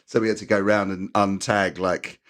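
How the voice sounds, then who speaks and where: A middle-aged man from England, a punk musician chatting as a podcast guest, who acts out the people in his stories and laughs often. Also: moderate pace. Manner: animated storyteller, acts out quotes in high voices, laughs often. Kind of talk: casual chat.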